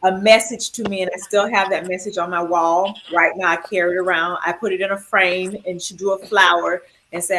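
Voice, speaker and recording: A woman's voice: on the low side, brisk. Heartfelt woman telling her story. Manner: animated, heartfelt, acts out quotes. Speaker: breast cancer survivor, school administrator. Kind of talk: emotional personal storytelling.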